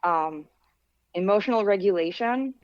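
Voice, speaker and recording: A young woman guest in casual chat, candid and animated, acting out quotes as she tells stories. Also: medium pitch, measured pace, dry recording, dull audio. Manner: candid, animated storyteller who acts out quotes. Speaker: podcast guest.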